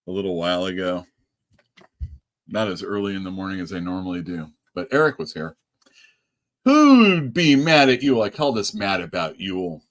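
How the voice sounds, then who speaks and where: Chatty man hosting a live stream. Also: low voice. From California. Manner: chatty, reads out chat comments, laughs often. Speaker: comic shop owner hosting a live stream. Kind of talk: casual live-stream chat.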